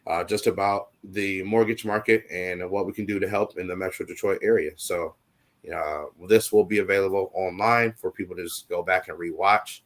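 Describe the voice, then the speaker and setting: A man's voice: low voice, fairly even intonation, moderate pace. A man co-hosting a casual show, talking in a rambling, reassuring way with many fillers. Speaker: co-host. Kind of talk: casual talk show chat.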